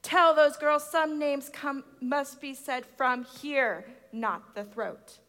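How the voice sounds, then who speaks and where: A woman's voice: high-pitched, slow pace, fairly bright tone, big-room sound. Woman reading as an encouraging mother.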